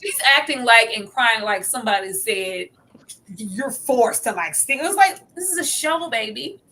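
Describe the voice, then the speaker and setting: A woman on a casual reality TV recap panel, animated and laughing, acting out quotes. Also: normal speed. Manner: animated, laughing, acts out quotes in shrill voices. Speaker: podcast panelist.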